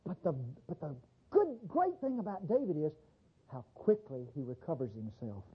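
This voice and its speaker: A man preaches a sermon, conversational and animated, his pitch swooping widely as he acts out quick little voices. His tone is husky and a bit breathy. The recording sounds dull and lo-fi. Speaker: pastor.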